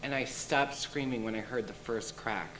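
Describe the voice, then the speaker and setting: A man's voice: medium pitch, moderate pace, background noise. A man giving an emotional first-person account as an interview guest, in a shaken, intense retelling.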